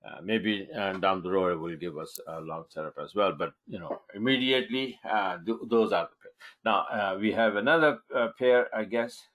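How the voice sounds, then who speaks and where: Trading coach, male, lowish voice, live webinar, talks through charts as he edits them. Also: moderate pace, a bit bright. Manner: thinks aloud while marking up charts, punchy "boom" emphasis.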